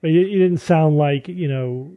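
A man's voice: fairly high pitch, moderate pace, lo-fi sound. A man in his fifties hosting a casual panel chat, explaining at length with many restarts. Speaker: podcast host.

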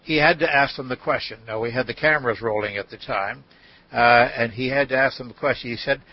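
An older man with a husky voice, telling an anecdote as a podcast guest and acting out the quoted speech. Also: medium pitch, fast, dry recording. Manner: storyteller, acts out quoted speech. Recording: dull dry audio.

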